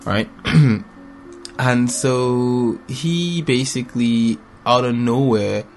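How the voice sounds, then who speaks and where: A man in his thirties telling family stories in a casual chat, lively and acting out voices with laughter. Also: very slow, soft background music. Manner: animated storyteller, acts out voices with big pitch jumps and laughter.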